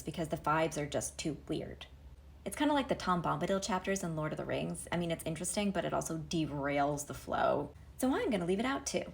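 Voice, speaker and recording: A woman's voice: lowish voice, gravelly. A woman giving a comedic retelling to camera, wry and sarcastic, full of pop-culture asides. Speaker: comedic storyteller.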